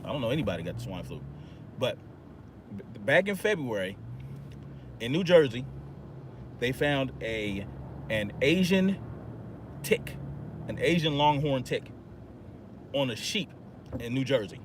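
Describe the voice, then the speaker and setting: A man's voice: mid-range voice, very animated, measured pace, pauses often, slight background noise. A man hosting a podcast in an agitated, profane, rambling monologue. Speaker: podcast host. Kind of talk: ranting monologue.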